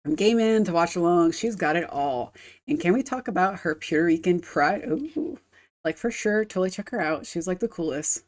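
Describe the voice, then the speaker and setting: A woman voicing a bubbly, gushing valley girl reading out a shout-out. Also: lowish voice, expressive, natural voice. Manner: gushing, drawn-out slang.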